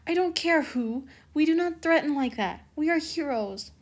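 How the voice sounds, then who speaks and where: A woman's voice: on the high side, measured pace, a little mellow. A woman voicing a young teenage superhero girl in a fan fiction reading, speaking in raised, heated lines. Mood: angry. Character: young teen superhero girl, angry and upset.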